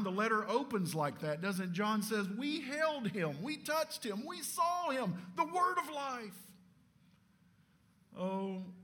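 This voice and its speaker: A man preaching a sermon emphatically, asking rhetorical questions and dropping his voice low at the ends of phrases. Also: fairly bright tone.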